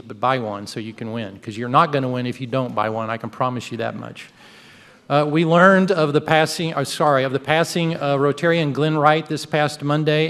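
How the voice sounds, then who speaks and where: Brief: male club president, upbeat announcements, mid pitch, long hall reverb. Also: a bit bright, smooth. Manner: upbeat, joking. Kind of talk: meeting announcements.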